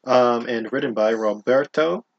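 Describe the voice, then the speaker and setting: A man's voice: mid-range voice, measured pace, lo-fi sound. A young man co-hosting a comedy podcast, chatting casually with rambling, self-deprecating jokes. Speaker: podcast co-host.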